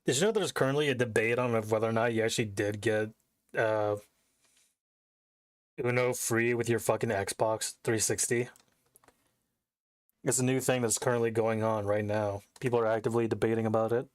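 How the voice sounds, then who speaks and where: A man's voice: fairly low pitch, fairly even intonation, normal speed, long pauses, no echo, clean studio sound. A young man chatting casually as a game streamer, rambling, cursing and interrupting himself. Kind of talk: casual chat while streaming. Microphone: desk mic.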